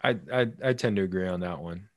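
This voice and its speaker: A low-voiced man co-hosts a casual football chat, easygoing and quick to agree. His voice sounds dry and close, with no room around it. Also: no echo. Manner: easygoing, quick to laugh along. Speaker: podcast co-host, fantasy football player. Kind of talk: casual sports talk.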